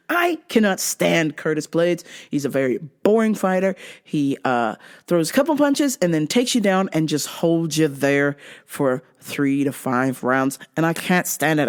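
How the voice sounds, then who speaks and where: A woman hosting a show in a casual comedic monologue, profane and often laughing. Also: on the low side. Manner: animated, profane, laughing a lot. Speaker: show host.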